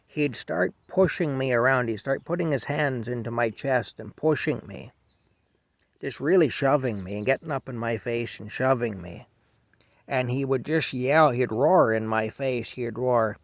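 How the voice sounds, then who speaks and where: A man's voice: mid-range voice, unhurried, dry recording. A man in his fifties casually telling a rambling, self-deprecating story from his past. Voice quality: gravelly.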